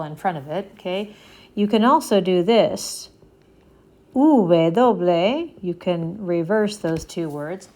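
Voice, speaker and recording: Slow, patient woman teaching a lesson. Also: mid-range voice, darkish tone. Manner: patient, encouraging, checks in often. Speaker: Spanish teacher. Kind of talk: slow repeat-after-me language lesson.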